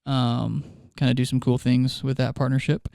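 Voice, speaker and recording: A youth ministry leader chatting casually on a podcast, telling stories and laughing often mid-sentence. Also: male voice, mid-range voice, level tone, normal speed, creaky, dark tone, no echo, studio quality.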